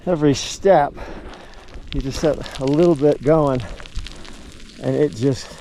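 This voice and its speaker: A man hiking up a steep, high mountain trail, slightly out of breath and narrating with cheerful awe as he climbs. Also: slow, dark tone. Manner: breathless, awed and cheerful, talking to himself on the climb. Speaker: trail runner vlogger. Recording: outdoor camera audio with clear background noise.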